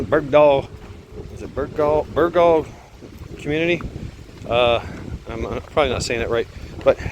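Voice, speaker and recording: A man's voice: mid-range voice, slight background noise. A man telling a casual story, rambling and swearing, with lots of fillers, restarts and frequent laughs. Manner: laughs often while telling.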